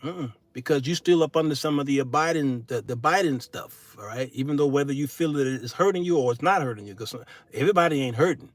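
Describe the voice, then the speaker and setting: A middle-aged man hosting his own show in a solo monologue, turning from preachy sermonizing to folksy comic storytelling with shouted punchlines. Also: mid-range voice, fast talker, few pauses, no room sound. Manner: folksy, casual speech. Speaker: show host.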